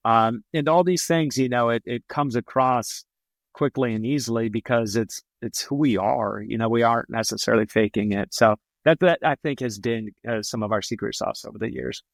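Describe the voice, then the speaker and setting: A man's voice: mid-range voice, moderate pace, vocal fry, no echo. A man representing his company on a podcast, telling stories in a casual, rambling way with lots of fillers and restarts. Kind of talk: casual storytelling.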